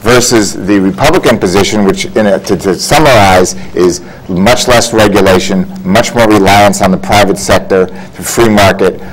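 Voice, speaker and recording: Deep-voiced man on a political panel. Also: rough recording. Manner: measured, summarizing. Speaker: guest commentator. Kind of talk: political discussion. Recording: faint background noise.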